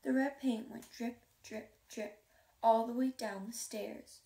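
A woman reading a children's storybook aloud, lively and playing up the sound words and dialogue. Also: fairly high pitch, takes it slowly, reverberant, recorded from a distance. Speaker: reader.

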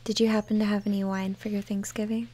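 A woman hosting a soft-spoken ASMR gaming chat, gentle and apologetic, often slipping into whispers. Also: medium pitch, level tone, fast talker, a little hiss or hum. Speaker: ASMR host.

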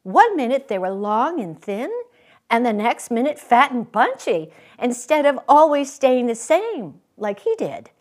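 A woman reading a children's story aloud at a public library, with an expressive, lingering storyteller's delivery. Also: fairly high pitch, measured pace. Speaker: guest reader.

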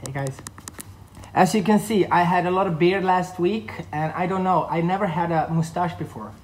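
A man's voice: high-pitched, normal speed, echoey room, far from the mic, rough recording. A man in his thirties from northern Sweden with a Swedish accent, a line dance instructor chatting casually on a live stream and greeting viewers by name. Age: 30s. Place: room at home.

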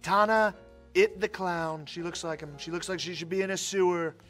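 A boastful, crude president figure, as a man puts him on, who rambles and throws insults at everyone. The voice sits a little high, and faint music plays underneath. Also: steady tone, normal speed, a bit bright. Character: male president character in a comedy sketch, boastful and crude.

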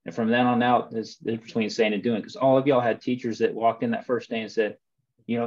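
A man's voice: medium pitch, fairly even intonation, fast, creaky, darkish tone. A man hosting a coaching webinar, folksy and fond of stories and questions. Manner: folksy, storytelling, asks questions. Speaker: webinar host for soccer coaches. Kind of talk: casual coaching talk. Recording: muffled lo-fi audio.

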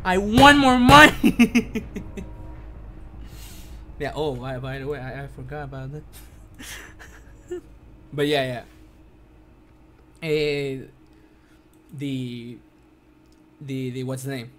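A man chatting casually on a live stream as an animator, halting with many restarts and repeated words. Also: mid-range voice, little pitch movement, slight background noise.

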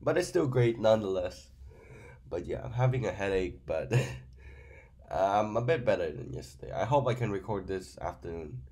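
A man's voice: lowish voice, expressive, moderate pace, warm tone. A man who is sick, giving a casual, rambling card-game review in with many fillers. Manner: non-native grammar, rambling with fillers. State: sick, stuffy voice.

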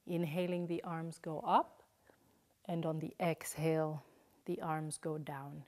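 A woman guiding a yoga class, speaking slowly and soothingly, with some cues whispered. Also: fairly low pitch, a little mellow. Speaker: yoga teacher. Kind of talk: guided yoga instruction.

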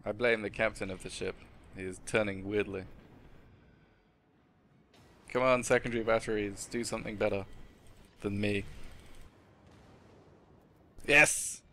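A man chatting casually while playing a game, joking and self-mocking, with excitable outbursts. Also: fairly low pitch, normal speed, pauses often, slight background noise. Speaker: gamer co-host. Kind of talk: casual gameplay chat.

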